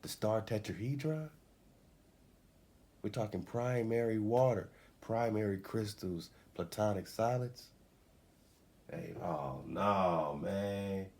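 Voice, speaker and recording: A man's voice: lowish voice, slow pace, a little mellow. A man hosting a radio show, giving a loose, slangy spiritual talk and repeating his phrases. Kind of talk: casual spiritual teaching talk. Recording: faint background noise.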